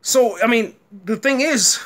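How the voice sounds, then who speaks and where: Bright-voiced frustrated man ranting. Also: extremely high pitch, a little slow. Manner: frustrated, rambling, fillers like "man". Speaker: boxing commentator host. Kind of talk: live reaction rant.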